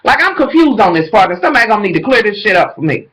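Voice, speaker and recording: A high-pitched man gives a profane, animated recap of a TV episode. His voice is bright and forceful, and he talks with sassy flair, addressing his viewers as y'all in casual vlog chat. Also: rapid-fire, low-quality recording.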